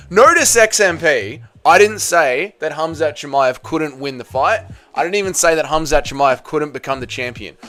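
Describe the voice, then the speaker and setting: A man's voice: on the high side, fairly bright tone. An Australian man hosting a casual livestream, chatting and greeting viewers one after another with plenty of slang. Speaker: livestream host.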